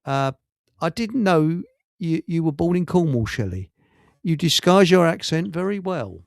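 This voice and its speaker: A man's voice: on the high side, animated, a little slow, gravelly, no room sound, studio quality. A man hosting a live radio chat with a Hertfordshire accent, joking and rambling with many fillers and restarts. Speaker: radio show host.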